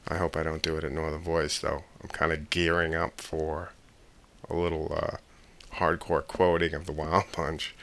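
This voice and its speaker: A man hosting a casual show, talking excitedly about a film, laughing and quoting lines loudly. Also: a bass voice, normal speed, gravelly. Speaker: podcast host.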